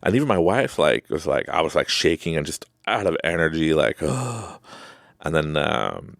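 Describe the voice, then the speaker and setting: A man's voice: extremely low pitch, big pitch swings, normal speed, vocal fry, fairly bright tone, no echo, studio quality. A man hosting a podcast, telling a personal story casually and with animation, acting out his own reactions and laughing often. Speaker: podcast host.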